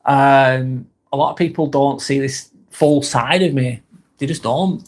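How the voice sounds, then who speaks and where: A man's voice: mid-range voice, fairly even intonation, a little slow. A British man hosting a live vlog, chatting casually and reading out viewer comments, rambling onto tangents and swearing freely. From Britain.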